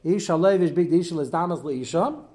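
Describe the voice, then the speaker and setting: A man teaching a Talmud class as a rabbi, animated and joking, his voice jumping up and down as he mixes in Hebrew study terms. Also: fairly quick. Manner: animated, swings in pitch and loudness. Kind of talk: lively Talmud lecture with jokes.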